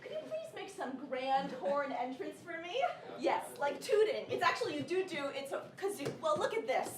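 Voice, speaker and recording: A woman's voice: sits high, big pitch swings, moderate pace, reverberant, recorded from a distance, crowd noise. A woman playing an unhinged bank robber who holds hostages to rehearse a puppet show, lurching between bossy threats and needy politeness in a live stage comedy. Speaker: comedian in a solo character show. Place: theatre stage with a laughing audience.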